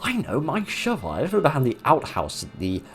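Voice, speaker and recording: A man's voice: on the high side, huge pitch swings, a little fast, a bit bright, voice pushed up, full character voice. A man voicing a friendly, folksy old-west cowboy with a drawling twang.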